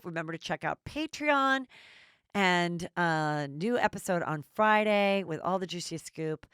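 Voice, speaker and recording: A woman's voice: sits low, animated, normal speed, fairly bright tone, clear, resonant tone, dry recording, clean studio sound. A woman hosting a gossip podcast, chatting bluntly and casually and swearing freely. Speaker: podcast host.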